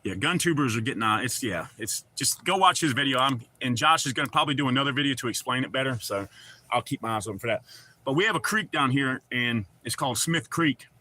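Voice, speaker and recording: A man's voice: mid-range voice, lively intonation, fast, pushed and bright. A middle-aged man with a Southern accent chats loosely on a livestream, rambling and reading out viewer comments with casual swearing. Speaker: livestream host.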